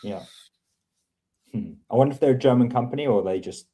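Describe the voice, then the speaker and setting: A man in a relaxed screen-share tutorial, talking a newcomer through a coding tool. His explanations wander and loop back as he corrects himself mid-sentence. His voice sits at an ordinary pitch. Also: a little fast, a little hiss or hum. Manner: rambling, self-correcting explanations. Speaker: coding mentor.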